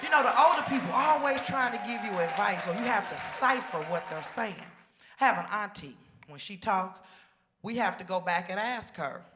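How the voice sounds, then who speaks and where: A woman comedian doing live stand-up on a venue stage, telling stories in an animated way and laughing through her lines. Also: mid-range voice, moderate pace, very noisy. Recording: echoey live room.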